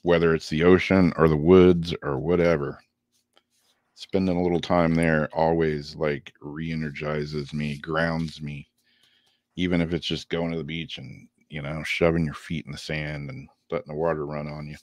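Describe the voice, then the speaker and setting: A man's voice: extremely low pitch, flat delivery, normal speed, darkish tone, no room sound. A laid-back man co-hosting a casual livestream, chatting and reading card meanings aloud, laughing easily while losing his voice. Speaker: co-host.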